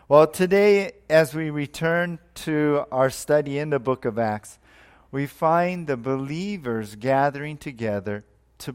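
A man preaching and praying in a steady, middling voice, repeating his words in a prayerful rhythm. His voice drops softly away at the close of each phrase as he leads a sermon. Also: mid-range voice, smooth. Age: adult, married. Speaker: pastor.

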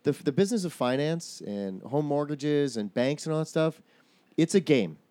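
A man's voice: fairly high pitch, lively intonation, normal speed, mellow, no echo. A man in casual chat, talking through his own theories at length, often restarting his sentences.

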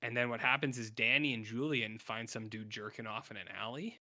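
A man co-hosting a podcast talks fairly quickly in a sharp, mid-range voice. He meanders through a laid-back episode recap, cutting himself off and voicing the characters' dialogue.

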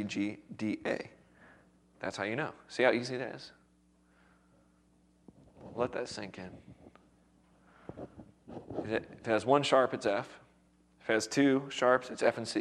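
A man's voice: lowish voice, unhurried, pauses often, a little hiss or hum. A man teaching music theory to a worship class in a casual, encouraging way, often checking in with his students, his voice a little worn. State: recovering voice.

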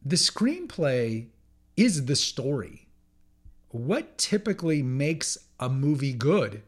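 A man's voice: mid-range voice, very animated, takes it slowly. A man hosting a solo podcast, talking in an emphatic, conversational way, repeating key phrases for effect and often restarting his sentences. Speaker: podcast host.

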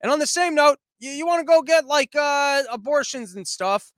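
A man's voice: very high voice, lively intonation, moderate pace, fairly bright tone, dry recording. An American man hosting a commentary show, ranting in a rambling, profane, sarcastic way.

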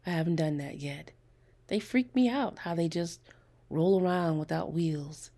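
A woman's voice: lowish voice, measured pace, warm tone. Woman reading a friendly young southern college guy. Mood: chatty. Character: young man, college student from the South, easygoing. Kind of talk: audiobook character reading.

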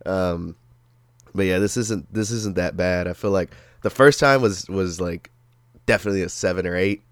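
A young man talking casually on a podcast while sick with the flu, his voice sitting on the low side. He swears freely and laughs a lot. The sound is dry and close, with no room around it. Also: normal speed, no echo. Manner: laid-back, swears a lot, laughs often. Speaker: podcast co-host. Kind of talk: casual chat.

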